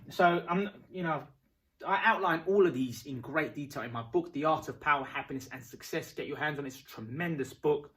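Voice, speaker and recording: A man teaching about rapport in a casual, animated way, acting out short dialogues. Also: a little high, moderate pace. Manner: animated, acts out little dialogues. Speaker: self-help coach.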